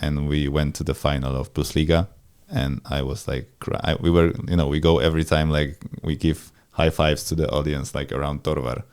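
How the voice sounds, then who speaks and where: A man from Poland, a volleyball player and podcast co-host, talking softly and haltingly, filling pauses with "like". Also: rumbling low, flat delivery, smooth. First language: Polish. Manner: soft-spoken, halting, many "like" fillers. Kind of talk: casual chat.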